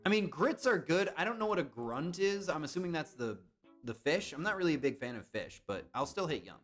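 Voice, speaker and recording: A young man talks to his live-stream chat in a casual, chatty way, tossing out guesses and answering viewers as he goes. His voice sits high and swings widely in pitch. Faint music plays underneath. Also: very animated, a little fast.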